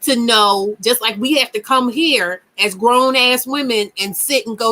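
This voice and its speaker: A woman's voice: on the high side, a little slow, hardly any pauses, sharp tone. A woman in a casual chat who speaks in long, encouraging and affirming reflective turns.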